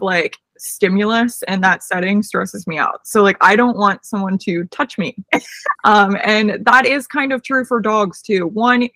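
A woman's voice: medium pitch, fairly bright tone, no echo. Dry-sounding young woman dog trainer. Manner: explanatory, confident, agreeing. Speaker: dog trainer and podcast co-host. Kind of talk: casual podcast chat.

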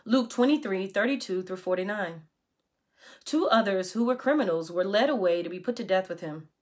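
A woman reading scripture aloud in a church, slow, solemn and deliberate. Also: medium pitch. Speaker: scripture reader.

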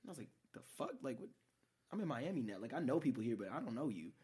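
A man's voice: big pitch swings, racing, dark tone, husky. Laid-back man telling a story. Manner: storytelling, laughs often, low-key when narrating. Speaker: podcast co-host. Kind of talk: casual chat.

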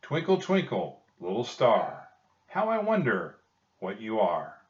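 Man reading doing an eager, bookish boy, pitched up, unhurried, dull lo-fi audio. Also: huge pitch swings, heavily acted. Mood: reading aloud. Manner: eager, polite, raised voice. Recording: dull lo-fi recording.

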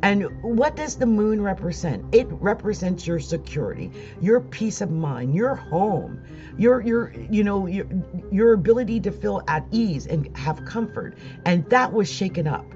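A woman's voice: medium pitch, very animated, measured pace, dark tone, faint music behind. Upset woman rambling about astrology, lo-fi. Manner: emotional, rambling, laughs between phrases. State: upset, close to tears. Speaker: astrology vlogger. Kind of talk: casual monologue to viewers.

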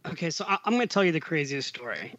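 A man's voice: a little high, fast talker, no room sound. A middle-aged man, a podcast guest, telling a long story in casual conversation and acting out the quotes. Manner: animated storyteller, acts out quotes.

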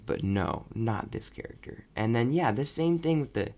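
A young man casually reviewing a movie on his podcast, rambling and animated. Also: mid-range voice, normal speed. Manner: rambling, animated, mocking voices when quoting. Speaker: podcast host.

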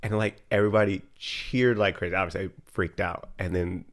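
A man co-hosting a podcast in casual chat, an animated storyteller who swears freely. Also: sits low, brisk. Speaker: podcast co-host.

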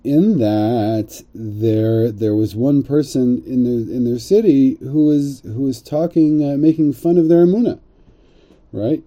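Translating and explaining a religious story, a man reads lines in Hebrew and then retells them in relaxed English, adding jokey asides. His voice is medium-pitched and warm, a little slow.

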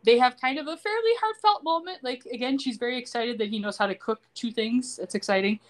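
A woman's voice: a little high, fairly quick. Chatty woman recapping a TV episode. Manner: chatty and loose, with frequent fillers and asides. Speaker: podcast co-host. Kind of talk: casual recap chat.

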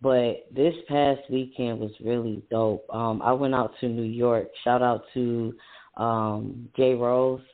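A man co-hosts a podcast and tells his stories in an animated way, swearing freely. His mid-range voice sounds narrow and phone-like. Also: mid-range voice, slow pace. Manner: animated storytelling with heavy swearing. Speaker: podcast co-host and poet. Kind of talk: casual podcast chat.

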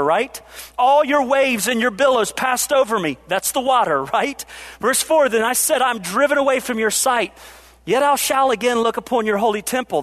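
A man preaching a sermon, asking the congregation rhetorical questions and slowing down to stress key lines. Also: extremely high pitch, fairly bright tone. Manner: preaching with rhetorical questions, varying pace for emphasis. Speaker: pastor.

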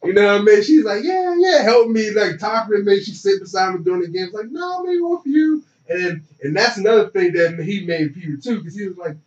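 A young man telling stories in casual conversation, animated and acting out the voices of people in his anecdotes. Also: sits high, fast, few pauses, distant mic. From from a small town. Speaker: interview guest. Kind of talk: casual storytelling. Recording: roomy, dull and slightly noisy.

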